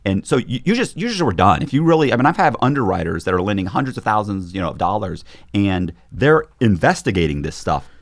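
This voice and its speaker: This podcast guest is a man with a low voice who talks fast in a casual storytelling style. He's animated and acts out other people's lines, and the clean studio sound has no echo.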